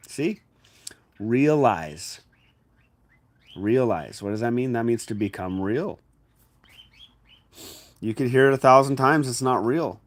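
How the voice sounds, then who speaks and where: A man giving a casual spiritual talk in a reflective, conversational way, addressing the listener directly and sometimes bursting into loud acted-out inner voices. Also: medium pitch, animated, slow, pauses often. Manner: acts out inner voices with sudden loud exclamations. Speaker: spiritual teacher.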